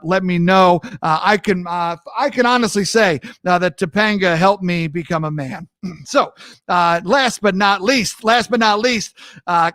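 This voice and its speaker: A young man hosting a livestream talk show from his home mic, energetic and hypey, greeting viewers by name and riffing casually. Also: sits high, dry recording, studio quality. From New York. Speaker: host.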